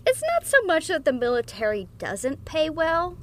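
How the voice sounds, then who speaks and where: A woman's voice: high voice, wildly swooping pitch, normal speed, a little hiss or hum. A young woman co-hosting a podcast, making wry remarks and giving short agreeing replies in casual chat. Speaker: podcast co-host.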